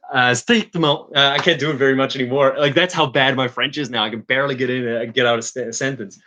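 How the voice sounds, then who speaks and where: A man from Newfoundland chatting casually to his viewers, rambling and halting, with many restarts and chuckles. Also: mid-range voice, fairly even intonation, bright, forceful tone. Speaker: streamer.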